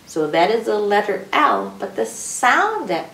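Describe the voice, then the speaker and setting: Woman, story time host, lively sing-song pitch, slow unhurried delivery, teaches letter sounds. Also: creaky. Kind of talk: teaching alphabet rhymes to children. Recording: echoey room, picked up from a distance.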